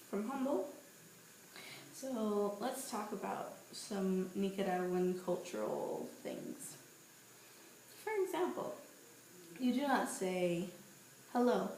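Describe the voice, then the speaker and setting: A young woman in her twenties chats to a handheld camera, telling stories in a lively, playful way. The sound is roomy and echoey. There is a faint hum of ambient noise behind her. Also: mid-range voice. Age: 20s. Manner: chatty, animated, playful storytelling. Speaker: vlogger. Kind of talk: casual vlog monologue. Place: outdoors on a street at night.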